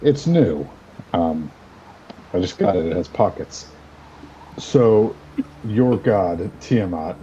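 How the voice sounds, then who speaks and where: Mellow laid-back man, dull sound. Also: low voice, expressive, slow, pauses often, slight background noise. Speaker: player. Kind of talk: casual chat in a tabletop game.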